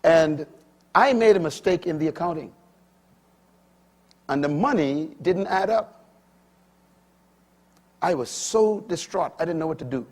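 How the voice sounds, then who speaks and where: A middle-aged male preacher with a husky, slightly high voice delivers a sermon in a dramatic style. He drops to quiet, confiding asides, then climbs to loud, emphatic peaks and shouts out his key points. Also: lively intonation, unhurried, long pauses.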